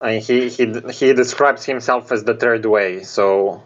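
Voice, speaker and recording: Halting man on a dull, lo-fi mic. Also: mid-range voice, steady tone. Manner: halting, slightly non-native phrasing, dry irony. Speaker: podcast co-host. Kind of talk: casual chat.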